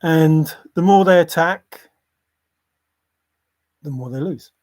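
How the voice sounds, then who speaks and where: A man's voice: on the high side, slow, darkish tone, no echo. Rambling man on a livestream, dry sound. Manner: rambling, chuckling, apologetic. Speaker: livestream host. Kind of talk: casual livestream chat.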